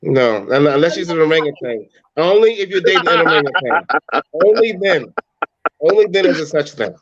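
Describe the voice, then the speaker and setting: Panelist, man, slightly high voice, blunt jokey rant, dull muffled recording. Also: expressive, normal speed, crowd noise. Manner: blunt, profane, jokey rants. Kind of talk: casual chat.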